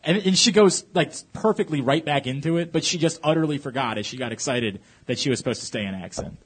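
A man's voice: fairly high pitch, fast, husky. A man hosting a casual sports chat, joking and steering the conversation. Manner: lively, joking, leads the picks. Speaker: podcast host.

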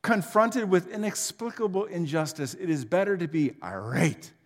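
A man preaching with dramatic swings from booming declarations to hushed, almost whispered lines. His voice sits a little high for a man, and it rings out through the long reverb of a large church hall. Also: animated, normal speed. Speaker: pastor. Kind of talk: sermon.

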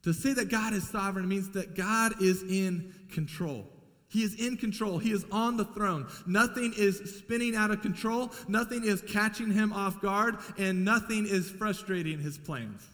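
A man's voice: high-pitched, moderate pace, fairly bright tone. A man preaching a sermon as pastor, emphatic and repeating key lines for weight. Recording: long hall reverb.

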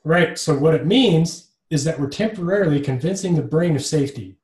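A man's voice: on the high side, animated, a little fast, darkish tone. A man hosting a podcast, chatting casually and explaining ideas in loose, restarting phrases while often agreeing with his guest. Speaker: podcast host. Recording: echoey room.

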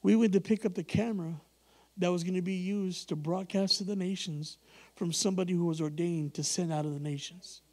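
A man with a high voice, speaking a little fast, preaches a sermon. He tells a story in an animated way, acting out the dialogue and laughing often.

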